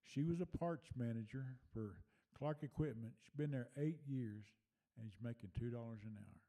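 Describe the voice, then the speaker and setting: A man's voice: mid-range voice, moderate pace, mellow. An older man, telling a personal memory in a folksy, rambling way with plenty of fillers. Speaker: storyteller sharing memories. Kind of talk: casual personal storytelling.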